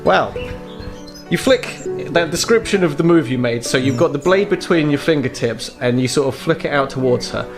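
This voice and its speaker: A man's voice: fairly high pitch, animated, normal speed, music in the background. A man running a tabletop role-playing game as game master, narrating in a chatty, rambling way with lots of fillers.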